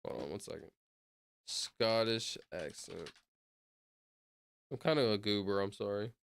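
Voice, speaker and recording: A man's voice: fairly low pitch, animated, unhurried, gravelly, clear, resonant tone. A man streaming while he counts aloud, chatting casually and drifting off topic as he talks to himself. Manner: rambling, easily sidetracked, talks to himself. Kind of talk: casual livestream chat.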